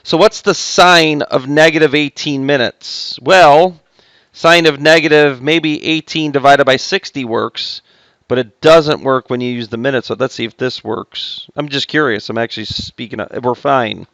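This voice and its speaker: A high school math teacher, recorded mid-lesson, banters with his students between steps of the work. He has a mid-range, slightly bright voice and a moderate pace, captured with no room sound.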